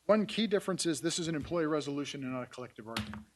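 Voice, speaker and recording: A man from city staff briefing a council at a public meeting, halting, with many fillers and restarts. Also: fairly high pitch, expressive, a little hiss or hum. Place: council chamber.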